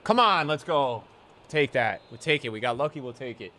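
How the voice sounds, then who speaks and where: Young male gamer, live play-by-play, lively pitch that jumps between yells and mumbles. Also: moderate pace, slight background noise. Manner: excitable, swings from loud yelps to low muttering. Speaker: gaming video creator. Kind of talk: live gameplay commentary.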